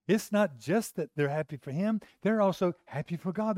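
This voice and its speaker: A man's voice: on the high side, animated, normal speed, a little mellow, no echo, clean studio sound. A man preaching a sermon as pastor, in an emphatic, exclamatory, conversational way.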